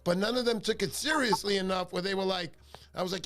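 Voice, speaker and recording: A man hosting a fishing livestream, chatting in an animated, joking, rambling way. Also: sits high, fast, gravelly, soft background music. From New York. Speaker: livestream fishing show host. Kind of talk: casual livestream chat.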